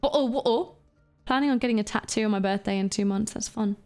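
A woman's voice: mid-range voice, fairly even intonation, fast, a little mellow, smooth, soft background music. A woman streamer chatting casually with her live chat while gaming, profane, playful and flirty. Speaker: VTuber streamer.

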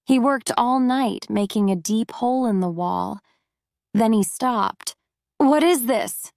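A woman narrating a story for English learners in a clear, deliberate way. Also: on the high side, a little mellow, no room sound, clean studio sound.

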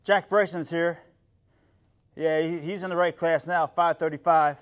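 A man teaching a live-streamed karate class for young beginners, calmly explaining moves between sharp shouted counts and kiai. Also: a little high, a little slow. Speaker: karate instructor. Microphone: phone or laptop for a live stream.

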